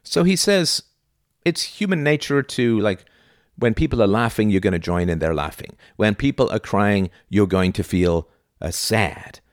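Low-voiced guy ranting through a philosophy lecture, blunt and opinionated, dry close sound. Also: expressive, normal speed, no echo. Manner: opinionated and blunt, with emphatic pitch jumps. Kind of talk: unscripted spoken lecture.

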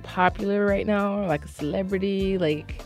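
A woman's voice: mid-range voice, fairly even intonation, moderate pace, soft background music. A woman hosting a podcast, chatting casually and asking rambling questions with giggles. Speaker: podcast host. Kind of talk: casual interview chat.

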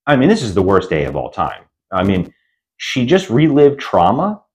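A man's voice: on the low side, wildly swooping pitch, normal speed. A man co-hosting a casual podcast, animatedly retelling a film's plot and often slipping into quoted voices. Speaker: podcast co-host. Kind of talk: casual movie review chat.

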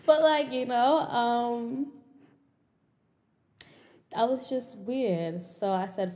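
A young woman hosting a podcast, telling a personal story in casual chat, swearing and getting animated when exasperated. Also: extremely slow, long pauses, big-room sound. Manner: animated, swears often, frequent pitch jumps when exasperated. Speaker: podcast host.

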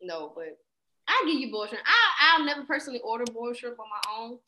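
A woman's voice: fairly high pitch, quick pace, background noise. A woman, co-hosting a casual chat and telling stories with lots of laughter. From Houston, Texas. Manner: animated storyteller, laughs often. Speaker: podcast co-host. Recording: echoey room.

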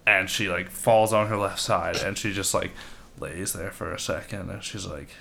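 A man's voice: sits low, fairly even intonation, moderate pace, gravelly, bright, forceful tone, a little hiss or hum. A man co-hosting a podcast, brainstorming a story and acting out its characters' lines. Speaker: podcast co-host. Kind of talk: casual brainstorming chat.

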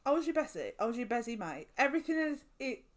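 A woman co-host reads a crime story aloud on a podcast. She keeps breaking into casual chat and swears freely. Her voice sits fairly high and swings up and down with plenty of life. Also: fast talker. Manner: giggly, swears freely, lively.

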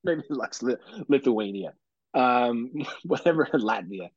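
Podcast dad, husky, swears freely, dull lo-fi sound. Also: male voice, medium pitch, takes it slowly, no room sound. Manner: profane, animated storytelling with mock-dramatic quotes. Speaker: podcast host. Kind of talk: casual storytelling chat.

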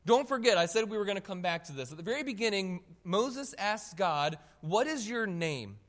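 Man, preacher, sermon, high voice, emphatic, speaks to the congregation, long hall reverb. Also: moderate pace. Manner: animated, emphatic, addresses the congregation directly.

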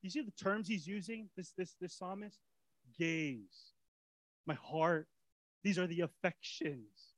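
A man with a high voice preaches a sermon, talking casually with fillers and repeats. He swings from hushed lines to excited, near-shouted bursts. The sound is close and dry, with little room echo. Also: slow. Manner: animated, swings from soft to shouting. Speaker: pastor.

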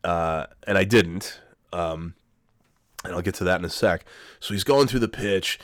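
A man's voice: low voice, measured pace, no echo, clean studio sound. A young man telling a rambling, self-mocking personal story in casual talk, swearing freely.

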